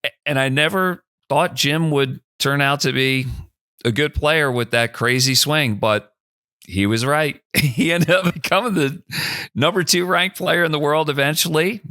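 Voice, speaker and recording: A middle-aged man tells a story in a relaxed, chatty way, slipping into the voices of the people in it. His tone is bright and forward, and the recording is close and dry with no room sound. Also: on the high side, unhurried, smooth, no echo. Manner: animated, acts out dialogue in the anecdote. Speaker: podcast guest. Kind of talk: casual storytelling.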